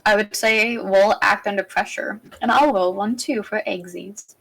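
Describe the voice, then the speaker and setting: A woman runs a tabletop game as game master, describing scenes in a loose, rambling way. Her pitch sits in a mid range, and she often restarts her sentences as she goes. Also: measured pace, vocal fry, a bit bright, rough recording. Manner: casual, rambling, with frequent restarts.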